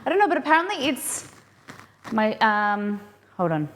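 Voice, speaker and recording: A woman's voice: a little high, big pitch swings, normal speed, a bit bright, slight background noise. A woman hosting a casual live cooking stream, chatting and thinking aloud with rambling asides as she works in a kitchen.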